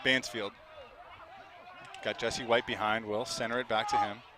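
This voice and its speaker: A man doing live play-by-play commentary, chatty and quick to laugh, with an outdoor crowd behind him. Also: mid-range voice, flat delivery, noisy background.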